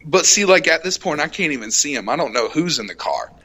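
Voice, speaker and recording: A young adult man hosting a casual podcast, telling a heated, profane road-rage story and acting out the shouting. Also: on the high side, big pitch swings, quick pace, breathy edge. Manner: profane, heated retelling, acts out shouted quotes. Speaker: podcast host.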